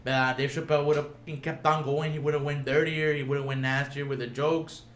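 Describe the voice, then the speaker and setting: A man with a fairly high voice chats on a podcast, telling a story with animation and acting out what others said. He switches between Spanish and English mid-sentence. The room around him is echoey. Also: flat delivery, brisk, fairly bright tone, a little hiss or hum. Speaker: podcast host. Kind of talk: casual chat.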